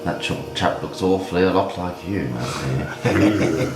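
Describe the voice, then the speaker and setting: Man player, very deep voice, dry joking, roomy sound, music behind. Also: unhurried. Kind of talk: casual tabletop game chat.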